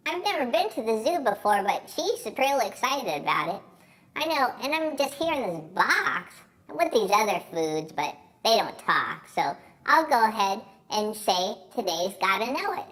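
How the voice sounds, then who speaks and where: A man voicing a cheerful, excitable talking banana puppet who leads children in call-and-response at a children's church show. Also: extremely high pitch, exaggerated voice. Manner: bubbly, jokey, leads kids in call-and-response.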